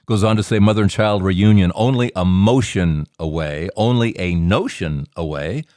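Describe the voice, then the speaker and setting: A man's voice: low voice, normal speed, a little mellow, no echo, clean studio sound. A man hosting a podcast, introducing the episode in a playful, teasing way. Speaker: podcast host.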